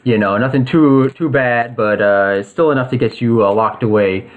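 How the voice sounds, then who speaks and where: A man voicing a businesslike agency director who talks haltingly with many fillers. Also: mid-range voice, highs cut off, natural voice. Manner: hesitant, full of fillers. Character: businesslike middle-aged male agency director.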